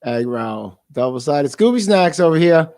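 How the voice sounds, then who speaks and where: A man's voice: on the high side, sing-song, moderate pace, darkish tone. Brief: laid-back male podcast host, blunt, rambling, jokey. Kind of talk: casual chat.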